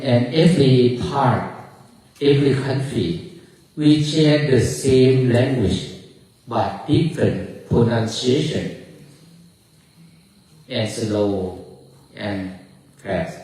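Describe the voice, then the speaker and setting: A monk speaks slowly and carefully in halting English, restarting his phrases as he searches for words. He is a non-native speaker, a man of middle pitch, heard from a distance in a very echoey hall. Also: warm tone. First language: Lao. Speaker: monk giving a dharma talk. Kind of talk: informal talk with audience questions. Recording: echoey hall recorded from far off.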